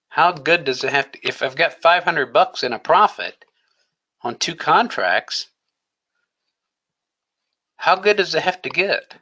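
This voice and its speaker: A man's voice: on the high side, animated, measured pace, pauses often, pushed and bright, low-quality recording. A man teaching a day trading lesson, coaching emphatically and asking rhetorical questions. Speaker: trading educator. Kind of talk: screen-share trading lesson.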